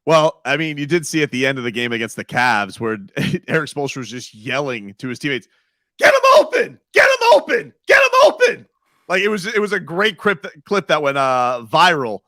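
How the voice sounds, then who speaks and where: A man co-hosting a sports radio show, chatting and arguing about games in an animated, incredulous way. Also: medium pitch, no echo. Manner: animated, incredulous, quick to quote and mimic. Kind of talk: casual sports radio banter.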